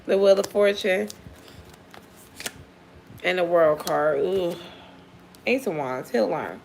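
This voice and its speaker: A woman's voice: fairly low pitch, animated, slow pace, creaky, a little hiss or hum. Blunt, laughing woman reading tarot. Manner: blunt, profane, laughs often. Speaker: tarot reader. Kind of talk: casual live tarot reading with viewer questions.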